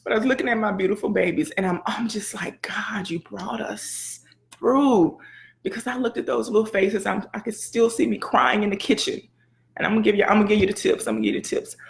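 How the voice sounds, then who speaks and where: A woman in her forties talks into her phone on a live video with a gravelly, fry-edged voice. She sounds folksy and lively and preaches encouragement. Her pitch sits in a middle range. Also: quick pace. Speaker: blogger and educator. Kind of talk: casual live video chat.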